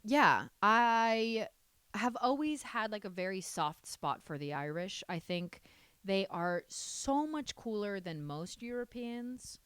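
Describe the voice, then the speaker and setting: A young woman in her twenties chats on her solo podcast, sassy and outspoken, cursing without a second thought. Her voice is smooth and clear, and her pitch swings widely as she rants. The sound is dry and close, with no room echo. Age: 20s. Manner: sassy, animated, swears freely. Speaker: podcast host. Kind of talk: casual solo podcast chat.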